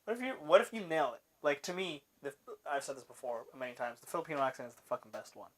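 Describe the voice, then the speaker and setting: A man's voice: mid-range voice, animated, fast, a bit bright. A man co-hosting a podcast, chatting casually with provocative questions and frequent laughter. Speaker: podcast co-host. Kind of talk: casual chat.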